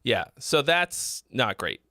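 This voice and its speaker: Bright-voiced man giving frank song critique. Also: medium pitch, very animated, slow pace, faint music behind. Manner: frank and loose, swearing, many fillers and restarts. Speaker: host giving song feedback. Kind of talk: casual livestream song critique.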